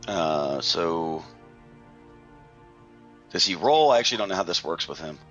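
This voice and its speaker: A man's voice: deep voice, lively intonation, a little slow, fairly bright tone, faint music behind. A man playing in a tabletop game, speaking hesitantly with many "um" fillers over dull voice-chat audio. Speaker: player. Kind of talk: tabletop role-play chat.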